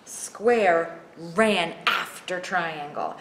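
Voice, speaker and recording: A woman librarian reading a picture book aloud to children, expressive and asking them questions. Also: on the low side, drawn-out words. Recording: echoey room, faint background noise.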